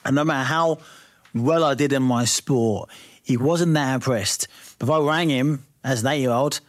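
A man hosts an interview in a mid-range voice, moving between animated stories and probing questions. The recording is dry and close, with no room around it. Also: mid-range voice, moderate pace, no echo. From England. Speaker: podcast host. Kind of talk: casual interview chat.

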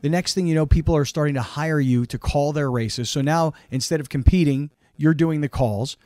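A man's voice: on the high side, normal speed, dark tone, no room sound, clean studio sound. A man hosting an interview podcast who sums up his guest's story and then asks pointed questions. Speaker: podcast host. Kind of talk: interview host.

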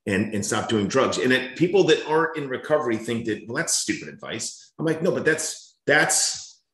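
A man's voice: medium pitch, lively intonation, normal speed, fairly bright tone, echoey room. A man hosting a casual interview, earnest and emphatic, repeating himself as he starts a thought. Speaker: podcast host.

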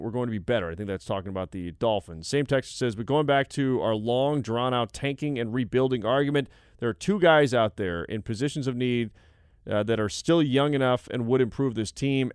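A young man with a smooth, resonant voice hosts a sports talk show, reading out listener texts and riffing on them in a relaxed, chatty way. His voice is close and dry, with no room sound. His pitch sits in an ordinary middle range. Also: no echo. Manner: conversational, reads texts aloud then reacts. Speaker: sports radio host.

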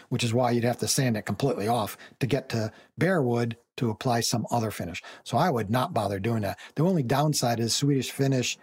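A male radio co-host with a slightly husky voice gives advice. He explains things plainly and in a matter-of-fact way, at a steady conversational pitch. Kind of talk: radio call-in talk.

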